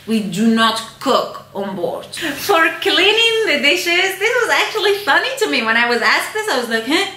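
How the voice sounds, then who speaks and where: A woman's voice: sits high, big pitch swings, moderate pace, hardly any pauses, sharp tone. A woman flight attendant telling stories in a casual vlog, chatty and full of "like" and "you know.". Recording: echoey room.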